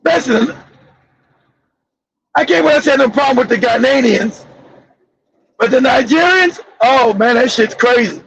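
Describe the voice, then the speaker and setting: Stream host, man from Los Angeles, very high gravelly voice, profane blunt delivery, slightly dull lo-fi audio. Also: moderate pace, long pauses. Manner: profane, blunt storytelling with laughs. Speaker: channel host. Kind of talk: live-stream monologue.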